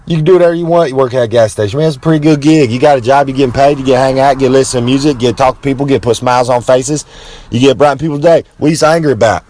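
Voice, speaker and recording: A man's voice: medium pitch, darkish tone. A man, a wrestler, tells a rambling comic story in a brash, boastful way and talks about himself in the third person. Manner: swaggering, with drawn-out dramatic emphasis.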